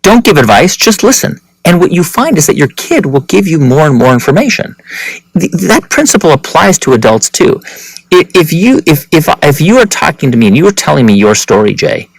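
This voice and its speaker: A man talking as a podcast guest, telling stories in an animated way and acting out the quotes. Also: fairly high pitch, brisk, vocal fry, dry recording, poor audio. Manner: animated storyteller, acts out quotes. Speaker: podcast guest, interviewer of founders. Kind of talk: conversational interview.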